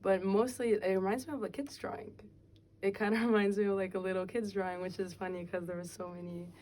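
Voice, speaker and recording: A young woman in casual chat as an interviewee, talking outdoors on a city street, chatty and quick to laugh, with lots of fillers. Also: medium pitch, level tone, darkish tone, slight background noise. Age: young adult.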